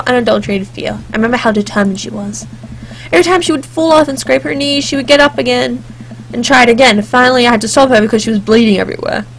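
A woman with a slightly high voice reads a story game aloud, taking the lines of the characters in turn. She keeps breaking off into chatty, joking commentary and snatches of song. A faint hiss sits under her voice. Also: fairly bright tone. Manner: chatty, jokey asides, sings snatches. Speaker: let's play gamer. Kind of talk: reading game text aloud with casual commentary.

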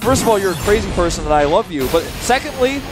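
A man commentating live esports as a caster, excitable and hyping up the viewers. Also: sits high, rapid-fire. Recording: broadcast booth with loud game music. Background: game music.

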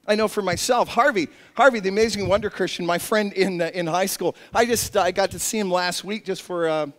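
A male pastor preaching a sermon, telling animated stories with self-mocking humor. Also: sits high, brisk, big-room sound.

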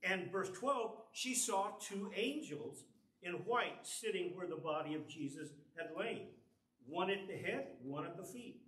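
Male preacher, earnest sermon, high bright voice, miked from afar in a roomy church. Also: animated, measured pace. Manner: earnest, explanatory, reads scripture aloud. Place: church sanctuary. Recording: echoey church from far off.

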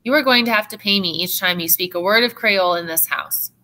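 A woman's voice: medium pitch, brisk, sharp tone, natural voice. A woman reading aloud as a strict older aunt, talking in a commanding, scolding way.

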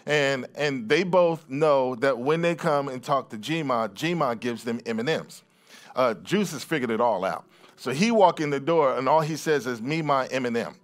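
A man's voice: mid-range voice, a little slow. A middle-aged man preaching a sermon as pastor, reading scripture aloud and explaining it in a conversational way, often restarting and repeating words.

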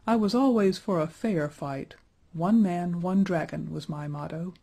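A man's voice: sits high, measured pace, creaky, dark tone, full character voice. A man reading the part of a sleepy, easygoing old stone knight woken from his slab in a storybook, yawning through his words.

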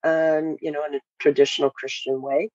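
A woman's voice: sits low, little pitch movement, fairly quick, a little mellow, no echo. Woman guest on a dull, dry remote line. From Hawaii. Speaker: podcast guest. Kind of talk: casual interview, telling her story.

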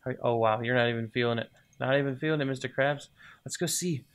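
Fast and fairly bright, this mid-range male voice keeps fairly even intonation. He's a gaming video host doing casual let's-play commentary, talking to the items, muttering to himself, then cheering when things work.

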